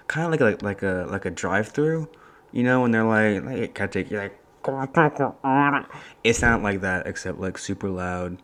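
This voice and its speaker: A young man hosting a casual solo podcast from a college dorm room, talking in a soft, hushed voice and rambling through stories. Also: sits low. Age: young adult. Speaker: podcast host.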